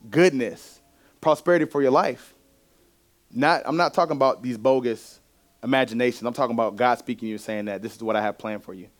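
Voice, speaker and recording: A male pastor preaching a sermon in church, in a conversational way, often asking the congregation questions. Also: mid-range voice.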